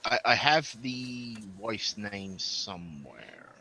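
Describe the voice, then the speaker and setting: Casting: man as a casual player, slightly low, bright tone. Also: very animated, takes it slowly, vocal fry, a little hiss or hum. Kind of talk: playing a tabletop game.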